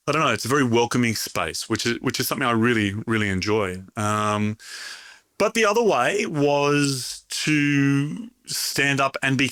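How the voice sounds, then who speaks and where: A man's voice: mid-range voice, a bit bright, no echo. A middle-aged man talking as an interview guest, a chatty storyteller who restarts his sentences and laughs often. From Australia. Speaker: interview guest, bakery owner. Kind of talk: conversational interview.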